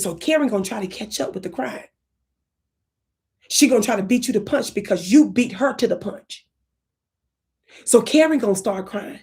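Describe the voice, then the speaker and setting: Playful, animated woman coaching a livestream. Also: medium pitch. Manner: animated and playful, with sudden whispers and drawn-out words. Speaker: channel host.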